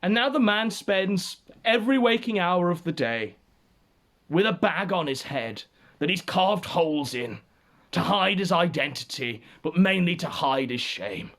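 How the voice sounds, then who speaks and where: Sardonic, theatrical man, high lively voice. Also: unhurried. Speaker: show host. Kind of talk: mocking livestream commentary.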